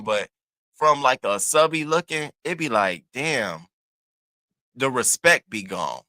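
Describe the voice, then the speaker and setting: A man hosting casual gossip commentary, animated and sassy, cussing freely and jumping into high squealing bursts. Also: a little slow, no room sound. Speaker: commentary host.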